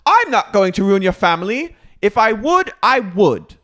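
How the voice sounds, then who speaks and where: A man doing a comedic impression of a haughty, prim woman with a posh British accent, in a high, clipped voice. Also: big pitch swings, normal speed, pushed and bright, heavily acted.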